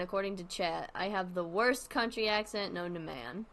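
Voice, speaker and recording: A woman's voice: on the low side, normal speed, hardly any pauses. Rambling woman streamer thinking aloud. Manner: rambling, thinking out loud with many fillers. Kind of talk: casual commentary while playing.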